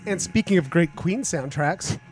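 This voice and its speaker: Man, podcast co-host, casual chat, somewhat high pitch, animated. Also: moderate pace, husky, soft background music.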